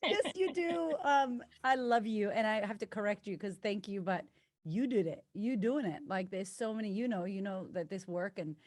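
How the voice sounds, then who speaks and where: An American woman who coaches women on confidence, talking as a podcast guest, effusive, swearing, with bursts of excitement. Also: mid-range voice, fairly quick, dry recording, studio quality. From United States. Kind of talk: casual podcast interview.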